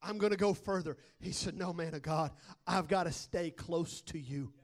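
A man with a high-pitched voice preaching at a rally. He tells his story conversationally, then rises into loud, shouted exhortation. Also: moderate pace. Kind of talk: sermon.

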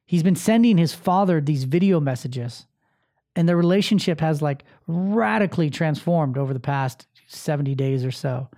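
A man's voice: a little high, lively intonation, normal speed, dark tone. A man hosting his own podcast and coaching show. He talks in a casual, emphatic way, swears freely and repeats phrases to drive them home. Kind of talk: casual motivational monologue. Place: filming himself on camera.

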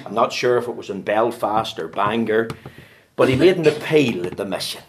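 A man preaching a sermon in a church, swinging from loud fervent calls to low hushed asides. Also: animated, normal speed, slight background noise.

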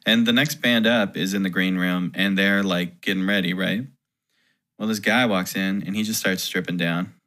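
A man's voice: sits low, pushed and bright. A man, a touring musician, telling a story in casual podcast chat, rambling and full of "like". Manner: rambling, heavy use of "like".

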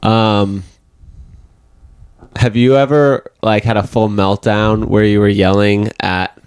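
A man's voice: fairly low pitch, fairly even intonation, slow pace, a little mellow, clear, resonant tone. A young man co-hosting a casual comedy podcast, candid and rambling, laughing often as he talks. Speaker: podcast co-host.

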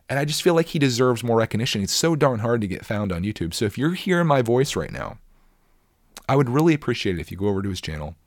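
A middle-aged man talks on his podcast in an eager, rambling way, often restarting his sentences. His voice sits fairly low. The sound is dry and close, with no room echo. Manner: enthusiastic and chatty, many restarts. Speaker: podcast host reading listener comments. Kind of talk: casual chat.

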